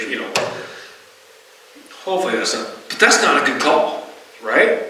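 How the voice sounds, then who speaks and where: A middle-aged man preaching from a church pulpit, chatty and direct with his congregation. His voice is very bright and sits a little high. He is caught from some distance in a strongly echoing sanctuary. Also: sing-song, brisk, pauses often, slight background noise. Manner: conversational, often asks the congregation "right?". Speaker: pastor. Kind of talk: sermon. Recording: roomy hall, distant mic.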